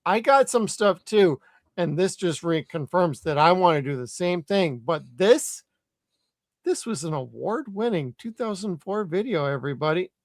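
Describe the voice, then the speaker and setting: Hosting a casual live podcast, this man chats loosely and swears freely. His high-pitched voice is expressive and moderately paced, with no echo.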